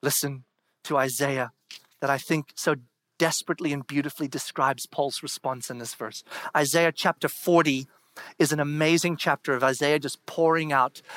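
A man preaching a sermon, reading scripture dramatically and swinging between hushed whispers and loud, soaring declarations. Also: on the high side, no echo. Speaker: pastor.

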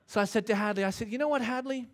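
Animated high-voiced male preacher. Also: very fast. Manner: animated, acts out voices in his stories. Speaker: pastor. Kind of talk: sermon storytelling.

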